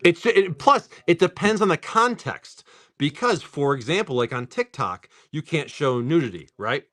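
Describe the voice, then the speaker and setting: A man's voice: on the high side, lively intonation, moderate pace, a bit bright. A man hosting a live card-pack opening stream, chatting casually with viewers and swearing freely. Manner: loose and talkative, swears casually, talks to chat.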